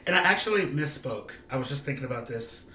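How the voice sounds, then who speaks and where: A man's voice: mid-range voice, lively intonation, fast talker, bright, forceful tone, reverberant, far from the mic, a little hiss or hum. A man co-hosting a casual podcast, explaining his ideas earnestly and reflectively, thinking them through as he talks. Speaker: podcast co-host. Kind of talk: casual chat.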